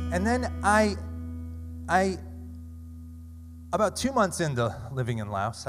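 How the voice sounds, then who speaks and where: Guy doing live storytelling in a big theater, lots of hall echo, animated and loud at times. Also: mid-range voice. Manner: animated, self-deprecating, rising to loud bursts. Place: large theater stage. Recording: long hall reverb.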